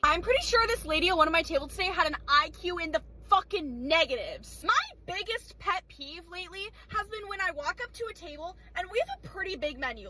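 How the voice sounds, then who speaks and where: A woman's voice: very high-pitched, sharp tone. A young woman working as a restaurant server, ranting in an exasperated, profane and sarcastic way. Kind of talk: ranting monologue.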